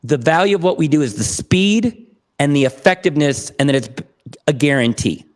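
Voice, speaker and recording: High-energy enthusiastic man. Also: brisk. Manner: energetic, enthusiastic, acts out dialogue. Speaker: podcast guest, therapy program founder. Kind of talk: animated storytelling.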